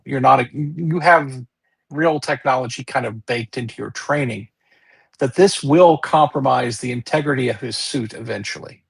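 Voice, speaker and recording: Gravelly, husky male game master; slow, halting delivery. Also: mid-range voice. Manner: slow, hesitant, many ums and restarts. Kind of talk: narrating a tabletop game.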